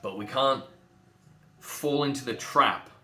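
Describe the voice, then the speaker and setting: A man's voice: mid-range voice, slow pace, sharp tone, echoey room. A man working as a voice coach, talking in an emphatic, passionate monologue and repeating words for stress.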